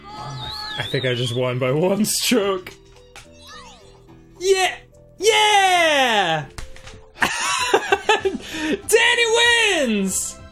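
Male game commentary co-host. Relaxed, teasing, laughs a lot, very slow delivery. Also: very high voice, soft background music. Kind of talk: laid-back let's-play banter.

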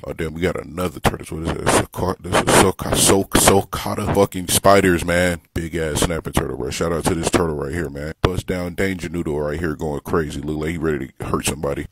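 A young man narrating his own zoo and pet store clips in a slangy, profane, joking way, sometimes breaking into loud excited yelling. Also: a bass voice, husky, no echo. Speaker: comedic TikTok narrator. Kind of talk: casual comedic voice-over.

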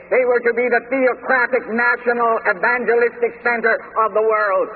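Man preaching on a tinny old tape. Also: extremely high pitch. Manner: measured, emphatic preaching with scripture quotes. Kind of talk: sermon. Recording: tinny lo-fi sermon tape in a reverberant hall with faint noise.

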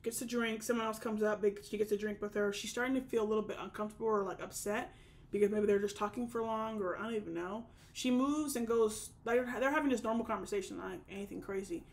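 A woman's voice: medium pitch, fairly even intonation, quick pace. A young woman chatting casually as she recaps a show, with lots of fillers and restarts. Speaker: recap vlogger. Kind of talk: casual reality TV recap chat.

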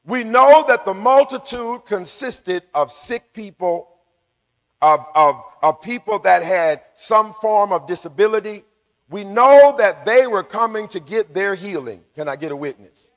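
A man with a high voice preaches a sermon in a church, and a long reverb trails his words around the hall. He calls on the congregation to answer him back and rises into shouts as he goes. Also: lively intonation, a little slow. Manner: call-and-response preaching, building to shouts. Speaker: pastor. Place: church sanctuary.

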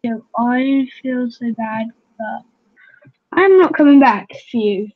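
A woman hosting a gaming channel, chattering excitedly to her fellow players as she plays. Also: on the high side, slow. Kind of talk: casual gameplay commentary. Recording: dull lo-fi home recording.

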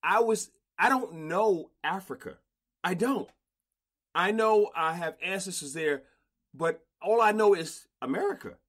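A man hosting a casual podcast interview, slangy and animated, often repeating himself. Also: sits high, measured pace. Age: older. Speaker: podcast host.

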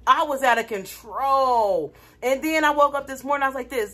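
A woman vlogger with a high voice talks casually to her viewers at normal speed. She retells a dramatic story with lots of energy, animated and laughing along the way.

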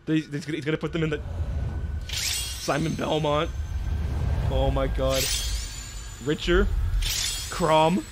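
A young man reacting live to a video announcement, excitable and prone to shouting in disbelief. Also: fairly high pitch, slow, pauses often, background noise. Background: music from the video.

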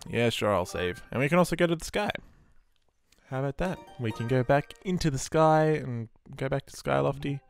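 A man's voice: medium pitch, normal speed, creaky, faint music behind. A man giving casual let's-play commentary while sleepy and yawning, rambling and swearing freely. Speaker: gameplay commentator.

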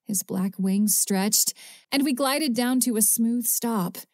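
A woman narrating a first-person audiobook in a measured, even storytelling manner, close to a studio mic. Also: on the high side, dry recording.

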